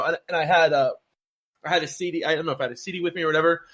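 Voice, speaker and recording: A man chatting as a podcast guest, telling an animated, rambling story full of restarts. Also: on the high side, racing. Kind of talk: casual chat.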